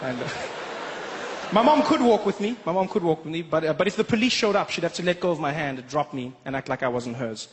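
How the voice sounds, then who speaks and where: A man from South Africa performing a lively stand-up comedy set, telling stories and slipping into voices. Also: a little high, fast talker, few pauses, big-room sound, noisy background. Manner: animated, storytelling, lots of voices.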